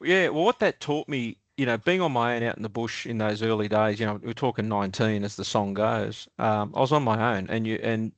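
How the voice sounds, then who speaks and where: A man's voice: fairly low pitch, steady tone, fairly quick, hardly any pauses, no room sound. An Australian man around sixty, a podcast guest telling stories in a loose, rambling way with lots of ums, restarts and chuckles. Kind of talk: casual storytelling interview.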